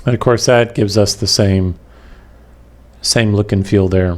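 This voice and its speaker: In a screen-capture lecture on web development, a man with the hiccups talks slowly and haltingly, pausing a lot and using many fillers. He has a fairly low voice with a steady tone.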